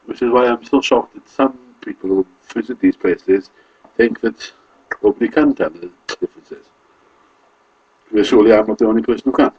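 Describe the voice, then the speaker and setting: A man's voice: lowish voice, moderate pace, a little mellow, slightly rough, dull audio. A man from Wales with a Carmarthenshire accent, talking casually to camera in a rambling, self-correcting way. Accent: Welsh, Carmarthenshire. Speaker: vlogger.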